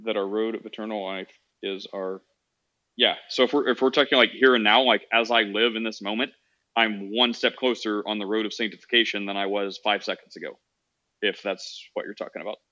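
A man's voice: lowish voice, fairly even intonation, fairly quick, bright, forceful tone, lo-fi sound. A man hosting a casual call-in podcast, talking in a rambling way with many fillers and restarts. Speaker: podcast host.

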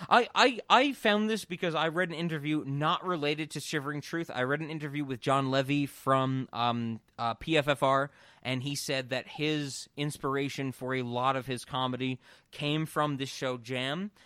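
A man hosting a podcast in casual chat, rambling and animated with lots of fillers and free swearing. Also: mid-range voice, moderate pace, clean tone, no echo, clean studio sound. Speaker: podcast host.

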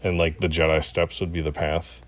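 A man's voice: low-pitched, flat delivery, moderate pace, over a noisy crowd. A man co-hosting a podcast, chatting casually and reading out listener emails, with frequent hesitations and restarts. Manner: hesitant, many fillers and restarts. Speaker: podcast co-host.

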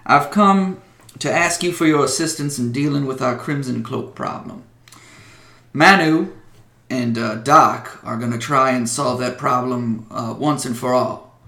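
Man as a friendly, reassuring town mayor, gravelly, echoey room. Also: medium pitch, measured pace, bright, forceful tone. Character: genial middle-aged male town mayor.

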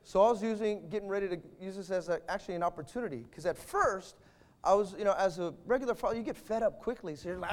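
A man preaching a sermon to fathers, emphatic, with sudden swings between loud declarations and quiet asides. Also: high voice, fast talker.

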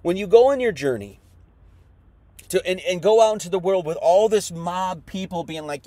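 A man preaching a sermon who reads scripture aloud, then explains it in casual slang, swinging between hushed reading and loud emphasis. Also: high voice, animated, moderate pace, no echo.

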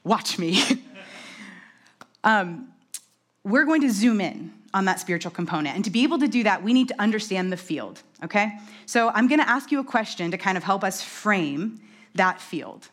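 A woman delivers a conversational sermon. She talks fast and animatedly and drops in quick self-deprecating asides. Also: mid-range voice, animated, a bit bright. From New York. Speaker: preacher.

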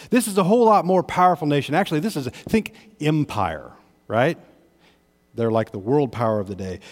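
Male pastor, mid pitch, chatty sermon delivery with asides, church room with long reverb. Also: darkish tone. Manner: conversational preaching with varied emphasis, asides to the congregation. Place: church sanctuary.

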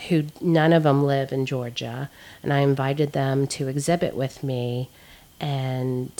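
A woman's voice: sits low, darkish tone. A woman photographer talking in a podcast interview, earnest and reflective, laughing often. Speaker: photographer guest. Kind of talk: podcast conversation. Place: Savannah art community member.

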